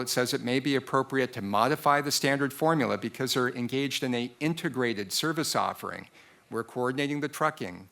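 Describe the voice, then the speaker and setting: A man's voice: mid-range voice, gravelly, fairly bright tone. A man presenting a formal argument to a board as a taxpayer's representative, methodical and with frequent filler sounds.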